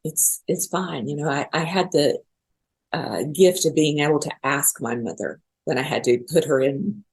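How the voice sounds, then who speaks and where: In a podcast interview, a middle-aged woman guest talks earnestly and emotionally, sometimes tearfully. Her voice is deep and breathy-edged, at a normal speed.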